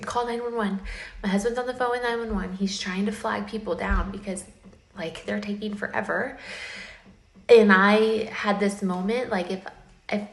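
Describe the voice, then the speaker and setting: A woman's voice: medium pitch, creaky, echoey room. A woman in her thirties, an earnest parent telling a personal story straight to camera and filling her speech with "like" and "um". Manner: earnest, tearful at times, uses many fillers. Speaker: parent sharing a safety warning.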